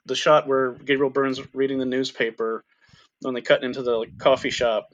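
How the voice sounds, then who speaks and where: A man's voice: medium pitch, fairly even intonation, normal speed, highs cut off. A man co-hosting a casual film podcast, talking thoughtfully with frequent ums and restarts. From Irish extraction. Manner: thoughtful, hesitant, many fillers. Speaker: podcast co-host.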